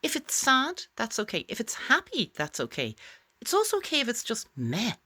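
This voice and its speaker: A woman's voice: on the high side, wildly swooping pitch, moderate pace, bright, forceful tone. A woman teaching a voice exercise straight to camera in an encouraging, chatty way. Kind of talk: direct-to-camera tutorial.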